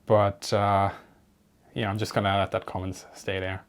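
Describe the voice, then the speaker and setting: A man's voice: on the low side, normal speed, clean tone. Dry-humored man. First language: German. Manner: dry, wry and matter-of-fact, with quiet deadpan comebacks. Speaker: YouTube channel host. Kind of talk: reading and answering viewer comments.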